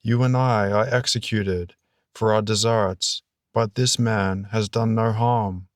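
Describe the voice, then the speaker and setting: A man's voice: fairly low pitch, fairly even intonation, slow, dry recording, clean studio sound. A man reading the lines of a repentant condemned robber in an audiobook, earnest and grave. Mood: rebuking. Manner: earnest, rebuking then pleading.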